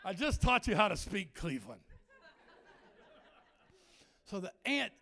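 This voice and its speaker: High-voiced, jokey man preaching. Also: slow pace, gravelly. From Germany. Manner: jokey, animated, laughs a lot, acts out voices. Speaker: traveling preacher and worship leader. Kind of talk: humorous sermon storytelling.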